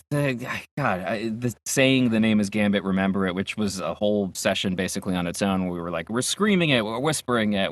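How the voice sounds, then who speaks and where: A young man with a lowish voice talks in a loose, rambling way, circling back on his sentences and laughing easily. The sound is dry and close. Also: no echo. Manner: relaxed, rambling with frequent restarts and laughs. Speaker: voice actor guest. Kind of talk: casual interview chat.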